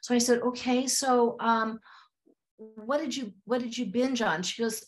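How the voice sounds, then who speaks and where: A woman's voice: on the high side, moderate pace. A woman therapist, a podcast guest, telling stories from her practice and acting out the voices of her clients and herself. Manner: animated, acts out client dialogue. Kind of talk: storytelling in a podcast interview.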